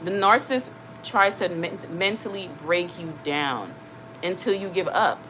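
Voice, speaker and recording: A woman's voice: lowish voice, animated, measured pace, fairly bright tone, slight background noise, rough recording. A woman hosting her channel, talking in an earnest, repetitive, conversational way with many fillers. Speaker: channel host. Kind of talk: casual livestream chat.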